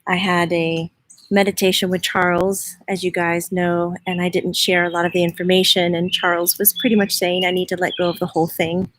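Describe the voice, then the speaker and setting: A woman's voice: lowish voice, level tone, brisk, a bit bright. A woman hosting a casual livestream outdoors in her front yard, chatting and greeting viewers by name. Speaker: host, spiritual medium.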